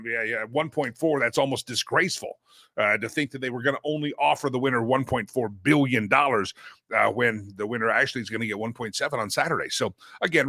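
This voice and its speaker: A man's voice: a little high, pushed and bright, dry recording. A man hosting a casual solo talk show from a studio, rambling and joking with frequent restarts and playful asides. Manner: rambling, self-interrupting, playful. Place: broadcast studio. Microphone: studio microphone.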